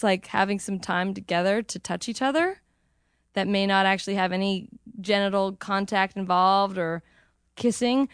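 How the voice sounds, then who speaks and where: A woman hosts a live storytelling event in a chatty, loose way, full of fillers and light laughter. She speaks slowly, and her voice sounds close and dry. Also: medium pitch, clean tone, no echo. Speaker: event host. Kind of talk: casual hosting chat.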